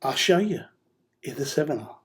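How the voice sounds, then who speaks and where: Speaking at a moderate pace with a slightly high, fairly bright and animated voice, this male singing teacher leads listeners through vocal exercises, offering direct encouragement as in a seminar lesson.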